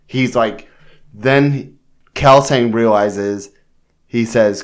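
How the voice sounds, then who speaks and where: Man, podcast co-host, unhurried delivery, casual book chat, acts out quotes. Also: fairly low pitch. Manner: slow, animated retelling with acted-out quotes. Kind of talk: casual chat recapping a novel.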